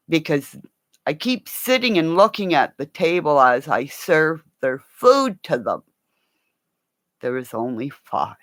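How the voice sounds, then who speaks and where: A woman's voice: deep voice, no room sound. A woman hosting a live stream, telling long rambling stories with swearing and frequent slips into mimicking other people's voices.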